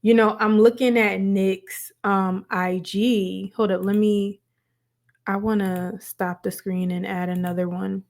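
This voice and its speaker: A woman's voice: medium pitch, flat delivery, darkish tone. A woman hosting casual commentary to camera, chatty and emphatic. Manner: chatty, emphatic, drawn-out phrasing. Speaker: commentary host.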